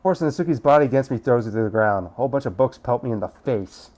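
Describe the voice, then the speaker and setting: A man hosting a let's play, casually reading a visual novel's narration aloud at a quick clip. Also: medium pitch, a little mellow.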